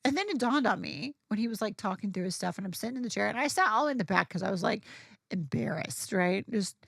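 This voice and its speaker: A woman's voice: mid-range voice, lively intonation, quick pace, vocal fry, no echo, studio quality. A woman telling a personal story in a casual, profane, chatty way, full of fillers and acted-out dialogue.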